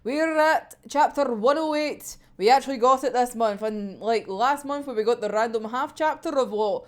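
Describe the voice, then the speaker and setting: A woman's voice: fairly high pitch, moderate pace. A young woman ranting casually through a manga chapter recap, swearing freely and laughing often. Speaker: manga reaction vlogger.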